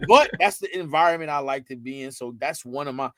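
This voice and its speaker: A man as a podcast guest, talking about fatherhood in a loose, animated, emphatic way, full of repeats and "you know what I'm saying.". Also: medium pitch, a little fast, a crowd in the background. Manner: animated, emphatic storytelling with lots of repetition. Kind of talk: casual conversational interview.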